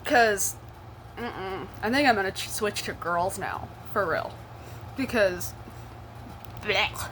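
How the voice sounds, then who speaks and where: A woman's voice: medium pitch, slow, pauses often, fairly bright tone, a little hiss or hum. A young adult woman telling a personal story in a casual storytime vlog, blunt and profane with laughing asides.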